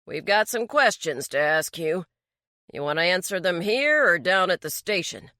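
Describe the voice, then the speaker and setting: A woman doing a calm, firm sheriff. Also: fairly low pitch, moderate pace, no room sound, clean studio sound. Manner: firm and placating. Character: firm, level-headed male sheriff.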